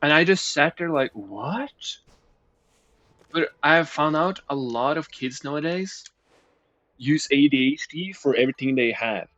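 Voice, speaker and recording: A man's voice: on the high side, moderate pace, fairly bright tone, no room sound. A man telling a storytime rant in a rambling way, swearing and making indignant asides. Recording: dull recording with faint music.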